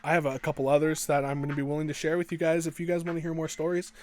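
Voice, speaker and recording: A man's voice: on the high side, completely flat delivery, very fast, darkish tone. A young man telling an exaggerated comic story for his vlog, swearing freely and building it up like an epic battle. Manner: profane, exaggerated, mock-epic. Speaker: vlogger. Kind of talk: comedic storytime monologue.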